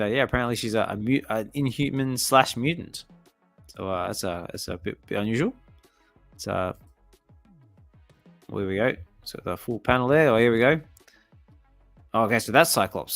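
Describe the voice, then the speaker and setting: A man's voice: fairly low pitch, normal speed, long pauses, a bit bright, faint music behind. Chatty man reading comics aloud. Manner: chatty and curious, thinking aloud and stumbling over names. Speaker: comic reading channel host. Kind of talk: casual relaxed comic reading with commentary.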